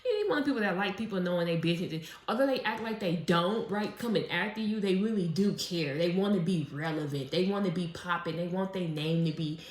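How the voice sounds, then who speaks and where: A woman with a lowish voice chats her way through a casual tarot reading, blunt and salty, laughing often. Her voice rings a little in a roomy space. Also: fast talker, hardly any pauses. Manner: chatty, profane, laughs often. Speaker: tarot reader. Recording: roomy echo.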